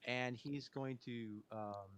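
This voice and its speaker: A man playing a tabletop role-playing game, thinking aloud hesitantly with many pauses as he plans his turn. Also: mid-range voice, a bit bright, a little hiss or hum. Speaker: player.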